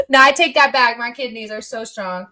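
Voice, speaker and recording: A blunt woman vlogger speaking straight to her viewers, her voice sitting a little high. She is emphatic and swears freely, jumping from loud outbursts to quiet, soft asides. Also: lively intonation, normal speed. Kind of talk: casual personal talk to viewers.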